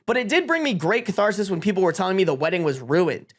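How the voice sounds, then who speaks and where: Streamer reading reddit to chat, animated pitch, swearing, laughing a lot. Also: fast. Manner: talks to chat. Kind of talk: live-stream reading with reactions.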